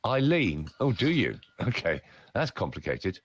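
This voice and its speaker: A man's voice: lowish voice, big pitch swings, normal speed, a little hiss or hum. A man who works as a voice-over artist and speaker, talking playfully and theatrically in a podcast conversation.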